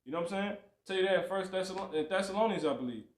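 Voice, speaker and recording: Animated man teaching scripture, echoey room. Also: high voice, very fast. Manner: preachy, repeats "you see" and "you know what I'm saying", animated swings. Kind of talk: livestreamed Bible lesson.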